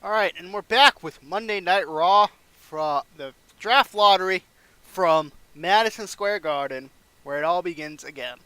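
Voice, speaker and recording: A man casually recaps a wrestling management game, reading out match scores. His voice sits a little high, bright and crisp, with a dry, close sound. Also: measured pace, dry recording. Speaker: game playthrough narrator.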